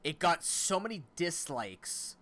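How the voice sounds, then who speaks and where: A man streaming a video game, talking in a rambling, animated, self-mocking way. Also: a little high, slow. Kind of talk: casual let's-play commentary.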